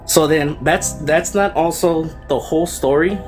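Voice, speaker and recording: A man's voice: fairly high pitch, a little slow, faint music behind. A man telling a true ghost story in a casual, rambling way, full of fillers and slang. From Fresno, California. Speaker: storyteller guest.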